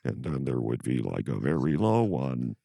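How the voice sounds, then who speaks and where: A man's voice: very deep voice, big pitch swings, normal speed, gravelly, mellow, dry recording, clean studio sound, pitched below the performer's own voice, full character voice. A man imitating an old computer text-to-speech voice, with a mechanical, sing-song rise and fall. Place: podcast studio.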